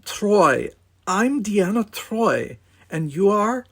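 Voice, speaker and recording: A man's voice: a little high, wildly swooping pitch, slow pace, darkish tone, slightly rough, pitched above the performer's own voice, exaggerated voice. A man voicing a flustered young woman cadet in a breathless way.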